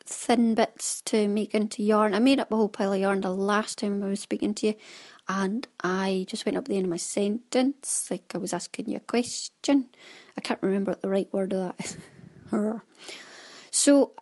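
A woman's voice: mid-range voice, steady tone, normal speed. Chatty woman rambling about her crafts. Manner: rambling and chatty, often trails into soft asides. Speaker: knitting podcast host. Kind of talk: casual chatty monologue.

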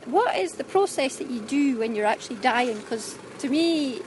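A woman from Caithness with a Scottish Highland accent, hosting a casual, giggly interview on her phone at a festival. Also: animated, moderate pace, slight background noise. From Caithness, Scotland. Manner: chatty and giggly, teasing. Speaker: podcast host interviewing at a festival. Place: outdoor-ish busy festival hall. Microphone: phone held by interviewer.

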